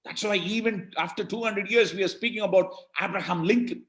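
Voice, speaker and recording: A man's voice: sits high, fairly quick, a bit bright, echoey room. A man with an Indian English accent giving a motivational talk, emphatic and rhetorical, quizzing his listeners and calling out who answered right. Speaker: motivational speaker. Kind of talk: motivational talk to an online audience.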